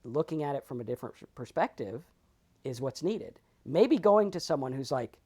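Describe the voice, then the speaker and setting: A man co-hosting a talk on recovery, animated and emphatic, acting out characters in his stories and swearing freely. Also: medium pitch, normal speed, slightly rough. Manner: animated, acts out characters in anecdotes. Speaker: podcast co-host. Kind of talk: casual spiritual recovery talk.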